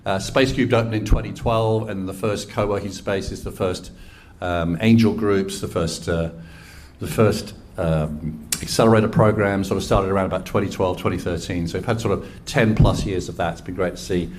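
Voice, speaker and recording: A man's voice: low-pitched, fairly even intonation, normal speed, a little mellow, slight background noise. A man in his sixties with an English accent, giving a chatty, enthusiastic, self-deprecating talk to a live audience at an event. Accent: English, West Country. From England. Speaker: ecosystem engagement lead giving a talk.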